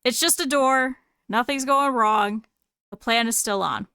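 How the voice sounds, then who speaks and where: A nervous male bee goon, put on by a woman talks high and loud to wave off the blame. He sounds pushy and defensive, with a bright, clear tone. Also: unhurried, no echo, studio quality. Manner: defensive, insistent.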